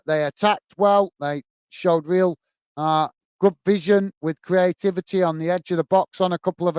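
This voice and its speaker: Chatty UK football stream host. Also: male voice, high voice, smooth, no room sound. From United Kingdom. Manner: chatty, many fillers, calls viewers mate. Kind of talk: live match commentary and chat with viewers.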